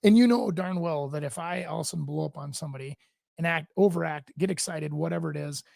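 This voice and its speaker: A man's voice: fairly high pitch, quick pace, creaky, no room sound. A man from Minnesota, a real estate agent co-hosting a radio show in a studio, bluntly telling deal stories and acting out both sides of the talk. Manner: blunt, animated storytelling, acts out both sides of his deals. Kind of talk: casual studio chat.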